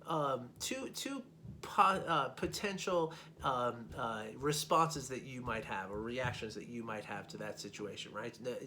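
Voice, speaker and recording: A man's voice: medium pitch, animated, unhurried, pushed and bright, slight background noise. Chatty male coach asking "right?". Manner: chatty, frequent "right?" check-ins, repeats words. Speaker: life coach. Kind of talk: casual teaching talk.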